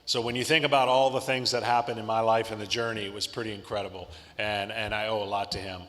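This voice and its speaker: Man, fifties, bright voice, lively anecdotes, banquet hall echo. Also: lowish voice, fast talker. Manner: animated anecdotes with laughs. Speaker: guest speaker. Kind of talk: storytelling speech at a luncheon. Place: large hotel banquet hall. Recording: long hall reverb.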